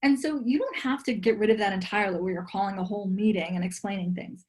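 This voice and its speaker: A woman's voice: medium pitch, quick pace, darkish tone. A woman in her thirties, a relationship coach as a podcast guest, talking in a chatty, earnest way with lots of "like". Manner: chatty, earnest, peppers speech with "like". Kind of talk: casual podcast interview.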